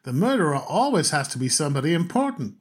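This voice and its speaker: A man reading aloud, voicing a chatty, insistent American woman who loves mysteries, in a husky voice. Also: fairly high pitch, fast. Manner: insistent, animated.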